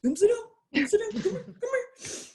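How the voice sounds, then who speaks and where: A pushy older male wrestling trainer calls everyone over in a high, hurried voice, repeating himself. A woman puts him on mid-story. He is bossy but playful. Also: sing-song, mellow, heavily acted. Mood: coaxing. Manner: high, hurried coaxing repetition.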